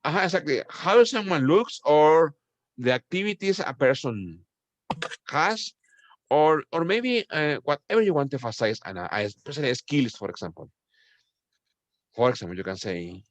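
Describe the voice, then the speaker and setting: A man's voice: mid-range voice, lively intonation, brisk, long pauses, dry recording. A man teaching a classroom grammar lesson. He explains patiently, checks in with his students with frequent "okay?", and switches into Spanish to address them. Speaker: English teacher.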